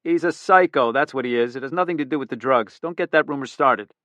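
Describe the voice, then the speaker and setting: Man doing a barking, gruff police chief. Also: medium pitch, fast, fairly bright tone, no echo, close to an everyday voice. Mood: irritable. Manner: snappish, barking. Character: gruff blustering middle-aged male police chief.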